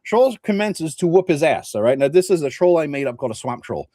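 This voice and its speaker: A middle-aged man chats casually as a game master, sharing a story with lots of profanity and animated quoted voices. His voice sits a little high, and the recording is dry with no room sound. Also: fairly quick, no echo. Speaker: game master and show regular. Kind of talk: casual chat.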